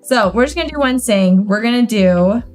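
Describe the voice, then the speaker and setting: A woman's voice: on the high side, expressive, normal speed, darkish tone, soft background music. A young woman co-hosting a livestream in casual chat, playfully teasing and explaining old sayings. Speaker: co-host of livestream.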